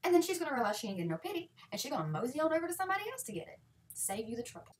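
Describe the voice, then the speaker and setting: A woman in her thirties rattles off sarcastic comic advice, her voice fairly high and swooping all over. She sounds a little distant from the mic, with a faint hiss behind her. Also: racing. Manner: sarcastic, lively, switches into mock voices. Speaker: comedy vlogger.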